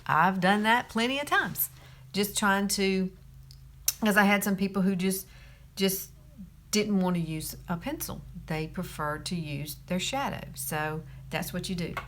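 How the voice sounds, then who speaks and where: A woman's voice: medium pitch, unhurried, fairly bright tone. A woman in her fifties from Alabama with a Southern accent, chatting through a makeup tutorial, laughing often and saying y'all. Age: 50s.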